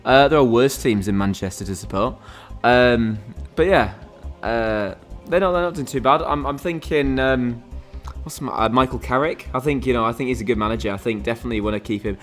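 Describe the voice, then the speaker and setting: A man's voice: mid-range voice, brisk, faint music behind. A man hosting a quiz game on a live stream, chatting casually and rambling with lots of fillers and restarts.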